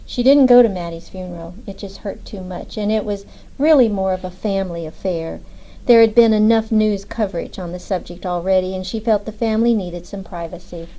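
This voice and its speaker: Mellow-voiced woman audiobook narrator. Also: mid-range voice, fairly quick, poor audio.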